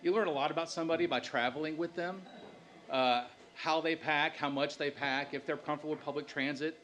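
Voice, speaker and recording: A man's voice: on the high side, fairly even intonation, fairly quick, fairly bright tone, a little hiss or hum. A man telling a personal story on stage to a live audience, with wry, self-deprecating humor.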